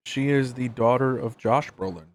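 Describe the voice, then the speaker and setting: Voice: mid-range voice, normal speed. Laid back podcast cohost, easygoing movie talk, medium voice. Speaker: podcast co-host. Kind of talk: casual movie review chat.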